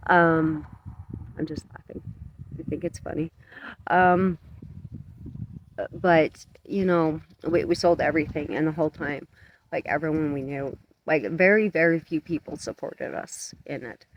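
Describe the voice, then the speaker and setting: A man talking earnestly to his camera outdoors at dusk, his voice shaky from cold and emotion, halting and self-conscious. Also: on the high side, steady tone, muffled recording, a little hiss or hum. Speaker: vlogger. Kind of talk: emotional outdoor vlog monologue. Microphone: camera mic up close.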